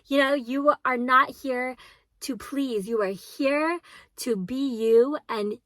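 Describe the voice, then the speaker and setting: A woman's voice: high-pitched, slow pace, fairly bright tone, no echo. A woman in her twenties giving casual advice to her viewers, emphatic and repetitive, swearing now and then. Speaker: vlogger.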